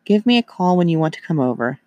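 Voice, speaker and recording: A man's voice: fairly high pitch, very animated, quick pace, darkish tone, no echo. A man reading as a chatty middle-aged mom. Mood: friendly.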